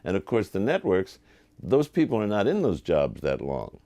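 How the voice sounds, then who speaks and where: An older man, a television producer, telling lively anecdotes in an interview and acting out the voices of people he quotes. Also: lowish voice, normal speed, no room sound. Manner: animated, acts out quoted voices.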